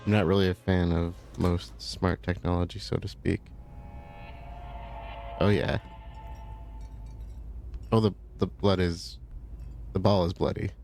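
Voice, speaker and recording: Casting: male let's-play host, low gravelly voice, easygoing, thinks aloud while playing. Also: measured pace, pauses often, soft background music. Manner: relaxed, thinking aloud, chatty asides. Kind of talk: casual gameplay commentary.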